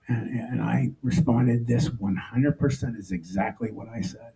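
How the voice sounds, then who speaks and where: Gravelly, dark-voiced middle-aged man. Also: mid-range voice, rough recording. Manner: emotional, halting, with frequent restarts. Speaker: speaker telling his own story. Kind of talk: live storytelling speech. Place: stage before a live audience.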